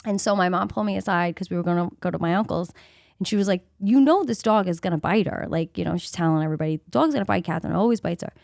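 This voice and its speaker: A woman's voice: fairly low pitch, very fast, vocal fry, darkish tone, dry recording, clean studio sound. A woman co-hosting a podcast, telling a childhood story in casual chat, acting out the voices of people in it and laughing often. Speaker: podcast co-host.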